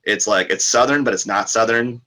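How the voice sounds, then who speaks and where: A man with a very low voice that still carries a bright, forward edge. He talks loosely and casually as a podcast guest, circling back with fillers and restarts as he thinks aloud. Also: normal speed. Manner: rambling, lots of fillers and restarts.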